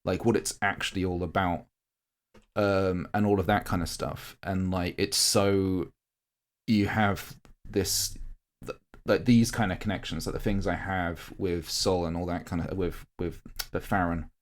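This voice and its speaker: Sitting low with fairly even intonation, this man speaks a little slowly. He's co-hosting a casual podcast, tearing up over a long, heartfelt, rambling story about a larp event, full of restarts and fillers.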